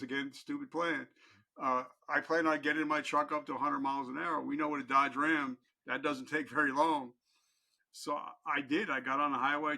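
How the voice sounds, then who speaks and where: A middle-aged man with a gravelly, bright voice that sits a bit high for a man. He tells his own story as a podcast guest in a candid, earnest way, with blunt, casual language. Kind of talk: personal storytelling in an interview.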